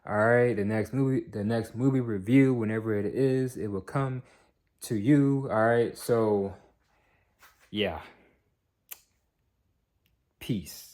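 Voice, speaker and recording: A man's voice: on the low side, takes it slowly, pauses often, a little mellow. Tired young man rambling a review. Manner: rambling, repeats and restarts words. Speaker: movie reviewer. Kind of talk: casual rambling movie review.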